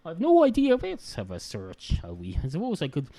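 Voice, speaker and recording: A man's voice: on the high side, wildly swooping pitch, moderate pace, mellow. An Irish man hosting a podcast, ranting comically and rambling with many filler sounds into a handheld microphone. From Ireland. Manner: rambling, full of "uh" fillers and mock rants. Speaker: podcast host.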